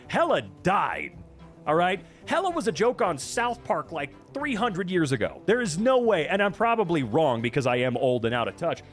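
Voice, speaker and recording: A man reacting to posts in a casual stream, his pitch leaping up and down as he mocks and swears. His voice sits a touch high for a man, and soft music plays faintly behind him. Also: normal speed. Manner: animated, swearing, sarcastic asides.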